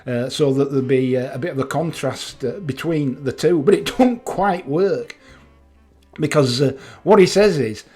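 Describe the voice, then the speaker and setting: A man's voice: fairly high pitch, measured pace, dark tone, husky, soft background music. An older Yorkshire man vlogging about motorcycling, telling chatty, self-mocking jokes and laughing at them. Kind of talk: casual humorous monologue.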